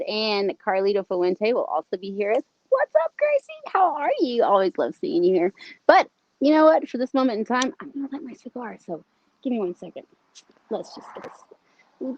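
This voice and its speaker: A woman's voice: mid-range voice, muffled recording. A woman with a Southern American accent hosting a casual livestream, chatty and bubbly, greeting viewers and reading their comments. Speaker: livestream host.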